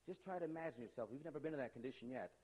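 A man's voice: medium pitch, rapid-fire, a little mellow, husky, poor audio. A man giving an emphatic lecture to a live audience, firing off rhetorical questions in a conversational way. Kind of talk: animated lecture.

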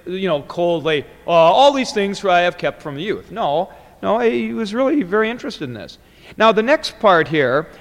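A man's voice: high voice, a bit bright. A man teaching Greek grammar in a classroom lecture, explaining step by step and wandering into asides. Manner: digressive and explanatory, with frequent fillers and restarts. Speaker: Greek New Testament teacher. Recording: long reverberant hall.

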